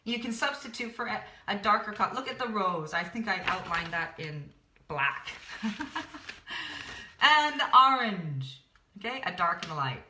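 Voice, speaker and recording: A woman's voice: mid-range voice, animated, normal speed, bright, forceful tone, echoey room, a little hiss or hum. A woman teaching a drawing lesson, chatty and encouraging, repeating words to herself as she draws. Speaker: art teacher. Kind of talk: drawing tutorial, talking while working.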